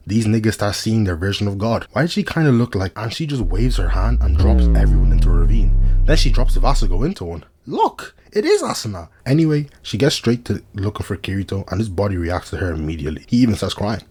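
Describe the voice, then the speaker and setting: A man's voice: deep voice, a little mellow, slightly rough. A man narrating an anime recap in a casual, comedic commentary style, full of slang and joking asides to the viewer.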